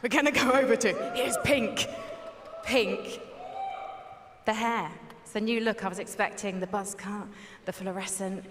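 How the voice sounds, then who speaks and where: A woman's voice: mid-range voice, measured pace, noisy background. A woman working as a floor reporter at a live esports event, teasing and chatty as she interviews players. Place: large historic hall at a live event. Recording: echoey hall with long reverb.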